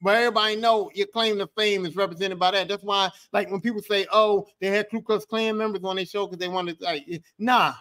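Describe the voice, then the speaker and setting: Man, high voice, podcast host, solo rant, heated, profane, repetitive. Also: fairly even intonation, brisk, few pauses, fairly bright tone.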